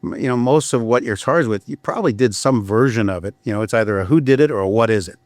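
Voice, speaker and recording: On a dry mic, a criminal defense attorney talks fast in a medium-pitched, slightly mellow voice during a candid podcast conversation. He's blunt and profane, telling stories with frequent restarts.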